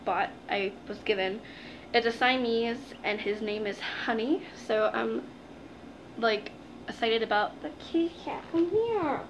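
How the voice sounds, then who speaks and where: A woman's voice: fairly high pitch, measured pace, lo-fi sound, a little hiss or hum. A young woman chatting to her viewers in a casual unboxing vlog, gushing and giggling, calling them "guys". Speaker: vlogger.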